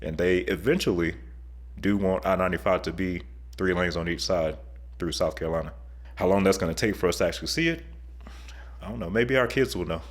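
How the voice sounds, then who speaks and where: A man hosting an online video, giving chatty, enthusiastic, joking commentary over video clips. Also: low voice. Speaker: YouTube host.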